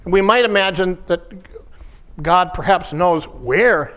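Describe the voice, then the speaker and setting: A man who works as a pastoral counselor, giving a reflective workshop talk in short, measured phrases. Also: high voice, a bit bright.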